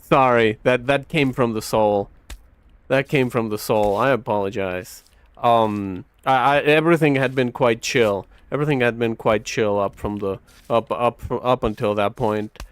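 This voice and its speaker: A man's voice: mid-range voice, unhurried, smooth, no echo. A young man commentating his gameplay in a casual, rambling way, often heated, swearing and repeating himself. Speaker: gaming streamer.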